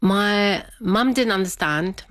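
A woman's voice: medium pitch, slow, fairly bright tone, no room sound. A middle-aged woman, telling a personal story as an interview guest, chatty and laughing often.

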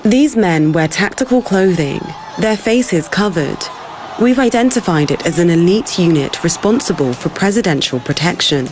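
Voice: mid-range voice, lively intonation, noisy background. Reporter narrating an investigation. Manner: clear, deliberate reporting. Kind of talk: scripted news report narration.

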